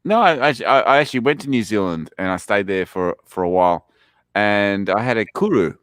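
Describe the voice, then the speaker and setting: A man with an animated, bouncing voice chats casually and laughs along easily. The sound is dry and close, with no room around it. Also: fairly low pitch, normal speed, no echo. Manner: chuckling, easily amused listener. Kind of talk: casual chat.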